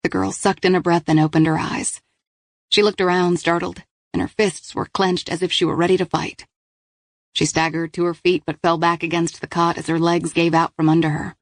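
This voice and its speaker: Woman narrator, lower voice, dry close read, measured suspense delivery. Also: no room sound. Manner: steady, measured storytelling. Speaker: audiobook narrator. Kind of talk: scripted narration.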